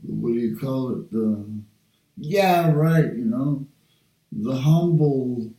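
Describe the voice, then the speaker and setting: An older man from Canada drawls through a rambling, cursing monologue at a very slow pace. He sits well back from the mic, and the room around him rings. His talk drifts and wanders from thought to thought. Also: medium pitch, lively intonation, warm tone. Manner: rambling, profane, drawn-out. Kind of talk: rambling personal video monologue. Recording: roomy sound, distant from the mic.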